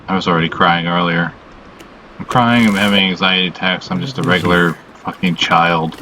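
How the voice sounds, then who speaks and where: Male vlogger: deep voice, worn-out and halting, curses freely, steady background hiss. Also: poor audio. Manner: halting, heavy on "you know" fillers, frequent swearing; weary and subdued. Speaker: channel host. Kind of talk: casual confessional vlog monologue.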